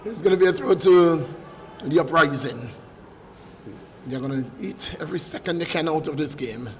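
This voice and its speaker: A man giving live football commentary, excitable and bantering, shouting when goals go in. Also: on the high side, moderate pace, in a large hall, slight background noise, low-quality recording. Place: stadium commentary position.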